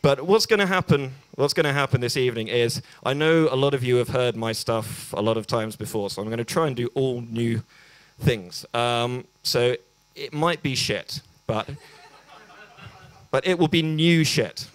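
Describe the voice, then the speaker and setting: At a small bar's open mic, a young comedian from England performs stand-up in a mid-range voice at a moderate pace. His delivery is halting and self-mocking, peppered with ums and false starts.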